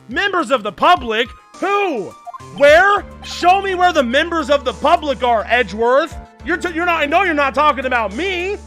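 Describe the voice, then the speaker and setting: A young man streaming a video game, excitable and ranting, swearing freely and often shouting at the story. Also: extremely high pitch, moderate pace, soft background music. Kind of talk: let's play commentary.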